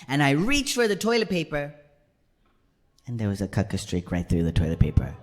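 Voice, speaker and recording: A man performs stand-up storytelling on a live stage, his voice sitting a little high. He is animated, dropping suddenly from loud punchlines into hushed whispered asides. He keeps turning to the crowd to check they are with him. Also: brisk. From United States. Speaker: comedian and solo performer. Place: live stage before an audience.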